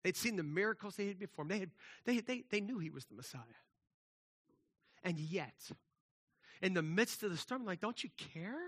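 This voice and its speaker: A man preaching a sermon, casual and conversational, with slang, moving between lively emphasis and hushed, soft passages. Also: high voice, moderate pace, pauses often. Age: adult with children. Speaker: pastor.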